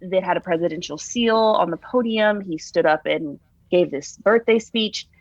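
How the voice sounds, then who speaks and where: Woman telling her story in a low voice. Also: normal speed, dry recording, muffled recording. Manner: candid, with frequent restarts and fillers. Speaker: interviewee recounting her own story. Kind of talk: casual conversational recounting.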